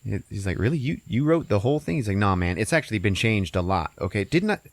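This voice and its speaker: Male podcast host, fairly low voice, very animated delivery; casual, crude movie recap with squeaky character bits, dry close mic. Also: quick pace, no echo. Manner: retells scenes with squeaky put-on character voices; profane, laughing, animated storytelling.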